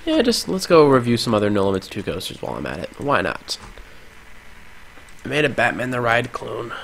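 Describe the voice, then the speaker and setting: A man's voice: medium pitch, big pitch swings, brisk, vocal fry. A young man from Ohio with an Ohio accent, chatting and rambling casually while streaming a coaster simulator, laughing often. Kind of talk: casual live-stream commentary. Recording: loud background noise.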